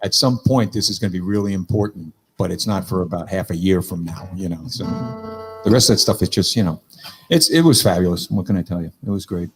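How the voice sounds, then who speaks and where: A man's voice: deep voice, fast, faint music behind. A middle-aged man telling stories in a rambling, casual chat, swearing freely.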